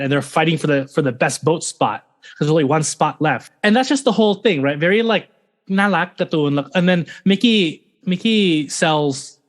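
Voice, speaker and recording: A man in his thirties telling stories as a podcast guest, animated, switching between English and Thai. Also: fairly high pitch. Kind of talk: casual interview chat.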